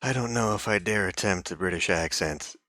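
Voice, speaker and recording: A man's voice: low-pitched, a little fast, bright, forceful tone, a little hiss or hum. A man hosting a let's play, commenting casually in a self-deprecating, offhand way.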